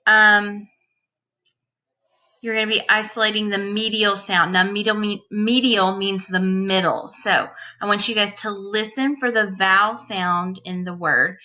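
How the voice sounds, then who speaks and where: Woman teacher for a children's phonics lesson: unhurried, crisp and bright, careful sound-by-sound delivery, slightly dull lo-fi recording. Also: mid-range voice, steady tone. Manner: slow, clear, deliberate sounding-out of phonemes.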